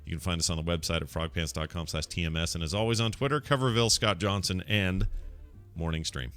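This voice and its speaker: A man hosting a podcast, talking candidly in a relaxed, joking way. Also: sits low, quick pace, soft background music. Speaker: podcast host. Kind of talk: casual chat.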